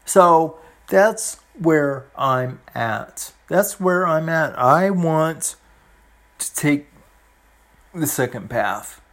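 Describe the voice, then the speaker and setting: A man in his forties talking earnestly and gently to the camera, halting often and restarting his sentences, with soft emotional laughs. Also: a little high, animated. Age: 40s. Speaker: vlogger. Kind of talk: heartfelt personal talk to camera.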